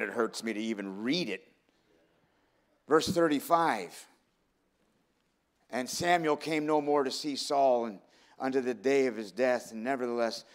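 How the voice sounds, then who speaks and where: A man preaching a sermon in an earnest, heartfelt way. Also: mid-range voice. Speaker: pastor.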